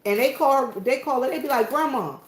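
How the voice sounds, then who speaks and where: Her voice sits high and moves briskly as she tells folksy stories to her viewers. She's a Southern church worker and vlogger, alone in an empty church, and the casual chat is reverberant with some background noise.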